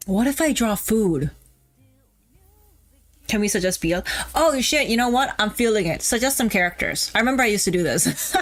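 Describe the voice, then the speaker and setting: A woman's voice: mid-range voice, expressive, moderate pace, long pauses, soft background music. A woman VTuber streaming casually while a little tipsy, rambling off topic, swearing and laughing. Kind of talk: casual livestream chat.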